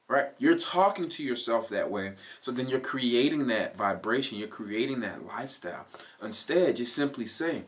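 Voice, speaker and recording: A man's voice: mid-range voice, animated, moderate pace. A man giving a motivational self-help talk in an earnest, coaching way. He repeats key phrases and adds "right?" asides to the listener. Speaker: motivational speaker.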